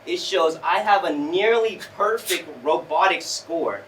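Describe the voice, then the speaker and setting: A young man from California tells a self-mocking story at a live story slam, jumping around his pitch as he acts out the people he quotes. His voice is bright and high for a man. It is picked up from a distance in a roomy small theater with a faint hum of the room behind him. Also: a little slow.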